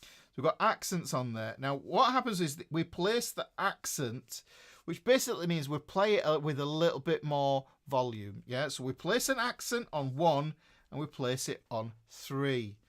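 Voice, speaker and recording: Brief: Northern English male guitar tutor, middle-aged, animated rising-and-falling delivery, fairly high voice, keeps checking in with viewers. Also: normal speed. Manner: chatty, self-correcting, checks in with listeners. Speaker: guitar teacher. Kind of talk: live-streamed guitar lesson.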